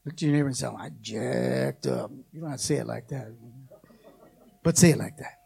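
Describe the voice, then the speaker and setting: A man preaching a sermon as pastor, with call-and-response and passages that climb into shouted, half-sung pleas. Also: mid-range voice, quick pace, creaky, husky.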